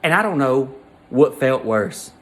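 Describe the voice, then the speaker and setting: A man telling an embarrassing story as a comedy monologue, in an animated, exasperated rant full of crude jokes. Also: medium pitch, a little slow.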